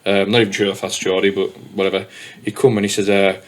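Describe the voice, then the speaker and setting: A man's voice: sits low, monotone, fast. A man hosting a podcast, telling rambling stories in casual chat and swearing freely. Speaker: podcast host.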